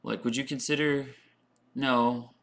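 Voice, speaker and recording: Bright-voiced man chatting on a stream. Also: mid-range voice, fairly even intonation, unhurried. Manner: thinking aloud, reading chat questions; frequent fillers and repeated words. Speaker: English teacher. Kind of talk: casual livestream chat.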